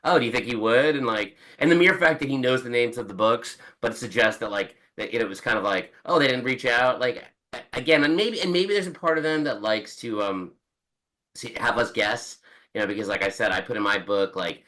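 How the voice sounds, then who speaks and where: A man's voice: on the low side, expressive, brisk, bright, forceful tone, poor audio. A man in his forties, a book's author, chatting as a guest on a podcast in a rambling way with many restarts and quoted asides. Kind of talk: casual podcast interview.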